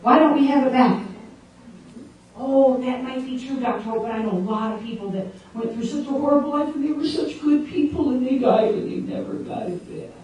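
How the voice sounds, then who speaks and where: A woman's voice: high-pitched, brisk, darkish tone, muffled recording, slight background noise. A woman preaching a sermon to a room of women, emphatic and asking the audience questions directly. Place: large echoey meeting room. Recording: very echoey room, distant mic.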